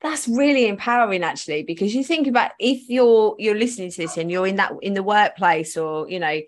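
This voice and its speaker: A woman's voice: mid-range voice, brisk. A woman hosting a podcast, chatting casually, laughing often and trailing off mid-sentence. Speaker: podcast host.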